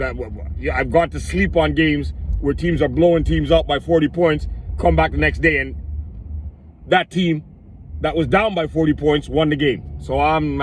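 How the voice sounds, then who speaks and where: A man with a voice he says is going hoarse, talking emphatically to his viewers in a casual sports vlog. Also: a little high, slight background noise. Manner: emphatic, addresses viewers as "people". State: losing his voice. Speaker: vlogger.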